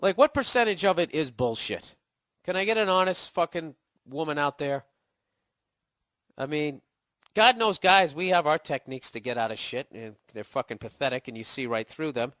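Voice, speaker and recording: A middle-aged man with a Boston accent, a bit high-pitched for a guy, rants through listener mail with profane sarcasm and mocking impressions. His voice is a little rough from a cold, and the sound is close and dry with no room around it. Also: expressive, moderate pace, a bit bright, no echo. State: getting over a cold, voice cracking. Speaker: comedian podcast host answering listener email. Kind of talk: profane comedic advice rant.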